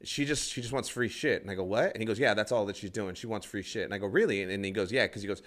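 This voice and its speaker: Fast-talking, rambling comedian telling a story. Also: male voice, lowish voice. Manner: rambling, animated, acts out other people's lines, swears a lot. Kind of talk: casual podcast storytelling.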